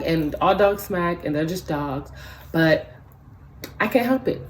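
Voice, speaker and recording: A woman's voice: on the low side, lively intonation, unhurried, pauses often, a little hiss or hum. A woman vlogger ranting casually and emphatically, swearing freely and rambling with many fillers. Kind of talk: ranting vlog.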